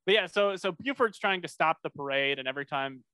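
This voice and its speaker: A man's voice: on the high side, animated, brisk, pushed and bright, clean tone, dry recording. A man co-hosting a casual podcast, recapping a cartoon episode in a rambling way with many fillers and restarts.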